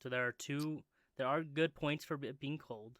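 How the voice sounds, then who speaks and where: Relaxed man asking podcast questions. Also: mid-range voice, normal speed, dry recording, clean studio sound. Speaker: podcast host. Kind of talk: casual chat.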